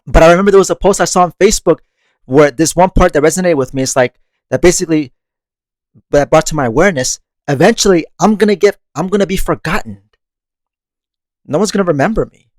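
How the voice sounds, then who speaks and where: A man's voice: fairly high pitch, fast talker, pauses often, darkish tone, no echo. A man hosting a monthly meditation podcast, reflecting on growth in a casual, conversational way, laughing often and swearing casually. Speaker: podcast host.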